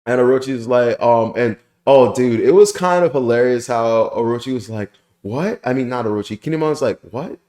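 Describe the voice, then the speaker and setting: A young man hosting a casual review channel, rambling excitedly with lots of fillers and the odd swear word. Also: mid-range voice, brisk, few pauses. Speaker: anime review channel host. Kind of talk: casual spoken manga chapter review. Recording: roomy echoey room.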